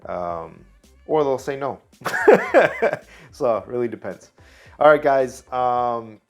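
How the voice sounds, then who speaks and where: A man hosting a casual language lesson, relaxed and chatty, explaining things slowly. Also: medium pitch, faint music behind. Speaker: travel video host.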